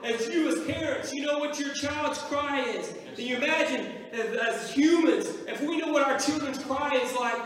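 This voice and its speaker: A man's voice: extremely high pitch, fairly bright tone. A middle-aged man preaching a sermon as pastor, calling out to the church with repeated questions for agreement. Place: church sanctuary. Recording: echoey hall from far off.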